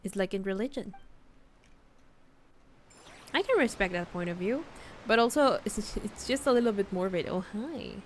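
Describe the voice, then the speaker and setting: A woman's voice: mid-range voice, lively intonation, moderate pace, pauses often, slight background noise. A young woman streaming a game, chatting casually and rambling, stumbling over words, with hiccups. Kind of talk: casual gameplay commentary. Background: game music.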